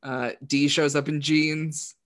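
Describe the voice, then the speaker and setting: A man chatting casually as a podcast co-host, laughing as he retells scenes in quick quoted voices. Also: fairly high pitch, little pitch movement, a bit bright. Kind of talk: casual chat.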